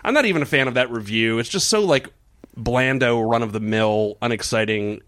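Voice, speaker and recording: A man's voice: medium pitch, brisk, fairly bright tone, no echo. A man co-hosting a film podcast, chatting casually in a dry, mocking way. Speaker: podcast co-host. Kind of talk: casual film-podcast chat, reading a review aloud.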